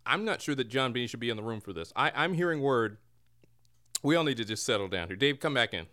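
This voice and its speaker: Smooth-voiced man hosting a casual show. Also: medium pitch, animated, quick pace, bright, forceful tone. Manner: playful, mock radio-announcer delivery. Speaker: podcast host. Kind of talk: casual comedic chat show. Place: home room near a window.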